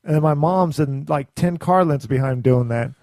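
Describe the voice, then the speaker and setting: Young man, podcast co-host, gravelly, mellow tone, animated storyteller, dry close mic. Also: fairly high pitch, moderate pace, no echo. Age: young adult. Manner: animated, acts out quotes in a raised voice, laughs often. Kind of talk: casual storytelling chat.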